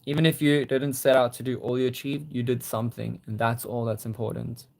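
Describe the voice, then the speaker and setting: A young man hosting a casual livestream, reading viewer comments and gently encouraging them. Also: mid-range voice, little pitch movement, a little fast, creaky. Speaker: livestream host.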